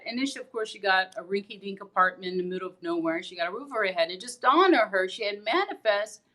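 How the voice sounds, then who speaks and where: A woman's voice: mid-range voice, fast talker, hardly any pauses. Earnest woman hosting a motivational show. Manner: animated storyteller acting out characters' lines; earnest, encouraging. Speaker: host. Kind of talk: motivational monologue to viewers.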